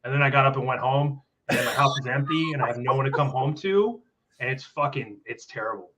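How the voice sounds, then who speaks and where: A man's voice: mid-range voice, fast, crowd noise. A man trading crude, self-mocking jokes in a casual chat as co-host. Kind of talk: casual banter.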